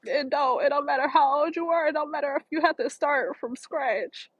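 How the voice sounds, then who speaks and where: A woman's voice: sits high, moderate pace, fairly bright tone, dry recording, muffled recording. A woman talking outdoors by the water in a park, giving earnest spiritual encouragement and repeating phrases for emphasis. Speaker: motivational vlogger. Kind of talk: spiritual motivational talk.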